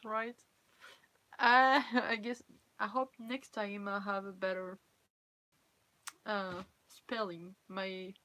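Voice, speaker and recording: This cosplay streamer from France, a native French speaker with an accent, sounds worn out and talks with a fairly high, sharp voice. She keeps things casual, reading out comments from viewers, giggling frequently, and making self-deprecating remarks.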